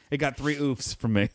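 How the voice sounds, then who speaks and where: A man's voice: medium pitch, dry recording. A man co-hosting a casual movie-talk podcast, rambling and wry, with frequent restarts. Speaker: podcast co-host. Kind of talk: casual chat.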